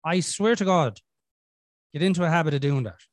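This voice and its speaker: A man's voice: fairly high pitch, a little fast, no room sound, studio quality. A middle-aged Irish man hosting a podcast, telling a story in casual chat, swearing a lot and acting out his inner voices. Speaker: podcast host.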